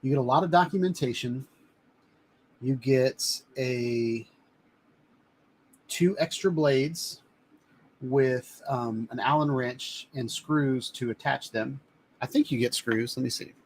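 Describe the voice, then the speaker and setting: A man's voice: mid-range voice, slow pace, long pauses, slight background noise. Chatty man hosting a live stream. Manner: chatty, rambling, shows items to camera. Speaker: live-stream host reviewing drones. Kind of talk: casual live-stream chat. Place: home studio.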